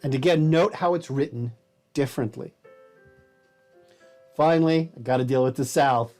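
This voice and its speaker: A man's voice: medium pitch, moderate pace, a little mellow, soft background music. Casual man lecturing on phonetics. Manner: casual, explanatory, self-deprecating. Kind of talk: recorded college lecture.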